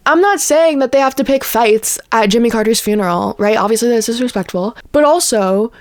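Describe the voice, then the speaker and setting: A woman's voice: a little high, a little fast, hardly any pauses, dry recording. Heated, profane young woman ranting. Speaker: political commentator. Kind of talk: ranting political commentary.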